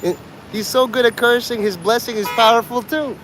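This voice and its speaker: A man's voice: very high-pitched, a little fast, noisy background. A man livestreaming outdoors on a city street, rambling crudely and joking provocatively.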